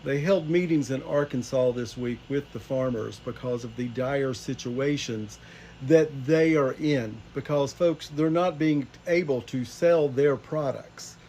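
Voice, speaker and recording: A man's voice: mid-range voice, unhurried, a little mellow, slight background noise. A man delivering a political commentary monologue, addressing viewers directly as folks with emphatic delivery.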